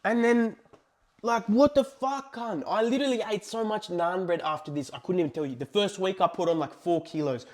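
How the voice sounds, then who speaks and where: A young man tells a story to camera in casual, profane talk, swinging from loud outbursts to hushed asides. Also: high voice, fairly quick. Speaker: vlogger.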